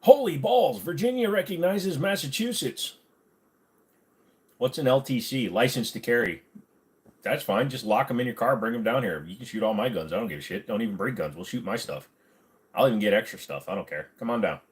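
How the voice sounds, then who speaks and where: Low-voiced, crude, joking male streamer. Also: fast. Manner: crude, joking, laid-back. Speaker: livestream host. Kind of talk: casual livestream chat, reading viewer comments. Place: at home, on bed rest.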